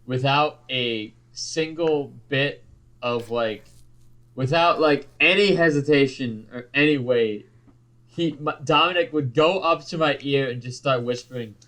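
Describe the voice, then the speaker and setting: A man's voice: mid-range voice, a little slow, a bit bright. Young man joking on a podcast. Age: young adult. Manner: joking, swears a lot. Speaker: podcast co-host. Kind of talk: casual chat.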